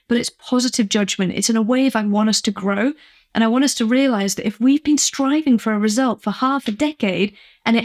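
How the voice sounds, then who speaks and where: A woman business coach from England giving an earnest, emphatic motivational vlog talk, acting out little quoted exchanges. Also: on the high side.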